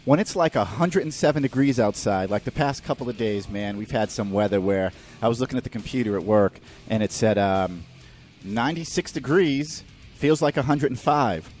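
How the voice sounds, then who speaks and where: A man's voice: lowish voice, a little fast, hardly any pauses, a little mellow, faint music behind. A man hosting a podcast, ranting profanely and mocking people in put-on voices. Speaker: podcast host. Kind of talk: ranting comedic monologue.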